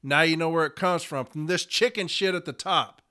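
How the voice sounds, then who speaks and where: A man's voice: on the high side, normal speed, bright, forceful tone. A man in his fifties, a podcast host and letter carrier, delivering a furious, profane, confrontational rant. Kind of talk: angry rant.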